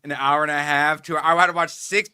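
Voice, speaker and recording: A man's voice: fairly high pitch, steady tone, fairly quick, pushed and bright, clear, resonant tone. A man on a casual podcast panel, wry and exasperated as he chats. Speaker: panel guest.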